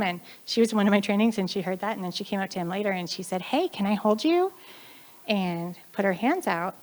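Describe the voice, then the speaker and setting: A woman with an American accent giving a chatty, animated conference talk, often acting out the voices of the people in her stories. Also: lowish voice, gravelly. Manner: chatty, animated, acts out quoted voices, frequent laughs. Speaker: conference speaker.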